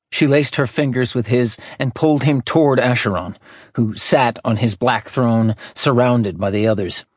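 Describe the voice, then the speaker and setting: A man's voice: medium pitch, normal speed, breathy edge, dry recording, clean studio sound. A man narrating fiction in a scripted audiobook reading, switching between character voices. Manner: lively, character-voicing narration.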